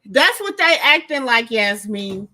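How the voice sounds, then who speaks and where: A woman's voice: a little high, sing-song, a little slow, pushed and bright. A woman hosting a casual livestream, talking emphatically and repeating herself as she addresses her viewers directly. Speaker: commentary host. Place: home during a storm.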